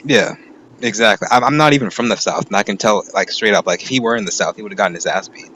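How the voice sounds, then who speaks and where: A man's voice: on the low side, quick pace, a bit bright, a little hiss or hum, rough recording. A man hosting a podcast, telling a rambling, profane story in casual chat. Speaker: podcast host.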